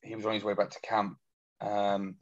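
An army veteran telling blunt, sweary stories in a casual chat. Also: male voice, fairly low pitch, monotone, normal speed, muffled recording. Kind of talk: casual podcast storytelling.

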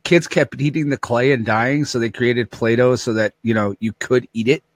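A man co-hosting a call-in show, wisecracking and lively. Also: medium pitch, moderate pace, no echo. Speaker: co-host. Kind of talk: casual chat, podcast. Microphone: video call.

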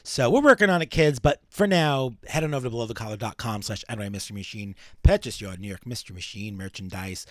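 A man's voice: medium pitch, fast talker, hardly any pauses, no echo, clean studio sound. A man co-hosting a podcast in casual, playful chat. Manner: playful, animated, jokey. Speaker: podcast co-host.

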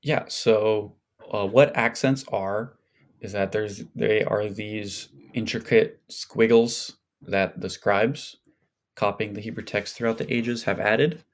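A man's voice: on the low side, steady tone, takes it slowly. A man as a podcast guest, explaining things in a casual scholarly way with many fillers and hedges.

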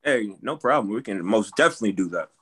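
A man from Michigan, a pro wrestler guest, telling a story in a relaxed way and laughing easily. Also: on the low side, fast talker, husky. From Michigan, USA. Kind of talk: casual interview chat.

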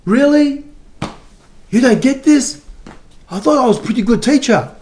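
An exasperated teacher, raising his voice high in disbelief, as a preacher acts him out. He teases his slow students with mock outrage. Everything comes out incredulous. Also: lively intonation, a little mellow, a little hiss or hum. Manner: incredulous, teasing.

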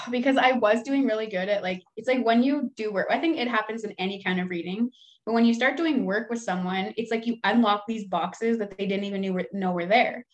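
A woman's voice: medium pitch, a little fast. A young woman speaks in a loose, conversational way. She is frank and self-deprecating and swears freely. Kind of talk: casual chat.

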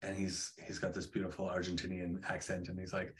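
A man hosting a casual spiritual chat, talking in a relaxed, rambling way with many fillers. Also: low-pitched, brisk, few pauses. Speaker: host.

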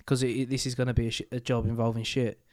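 A man's voice: medium pitch, level tone, rapid-fire, darkish tone. A young man co-hosting a podcast, chatting casually, swearing freely and breaking into mock singing and laughter. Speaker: podcast co-host. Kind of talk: casual banter.

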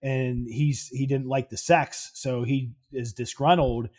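Man, podcast co-host, mid pitch, relaxed plot recap, casual film talk. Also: slow pace. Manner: laid-back, recaps plots with fillers.

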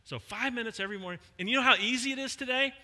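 A middle-aged male pastor preaching a sermon in a conversational way, with emphatic pauses on key words. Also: very high voice, pushed and bright. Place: church hall. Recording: long hall reverb.

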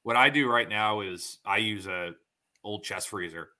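A man's voice: fairly low pitch, unhurried. A man in his thirties from western New York, a farmer and butcher chatting as a podcast guest and acting out dialogue as he tells stories. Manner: animated storyteller acting out dialogue. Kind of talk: casual podcast chat.

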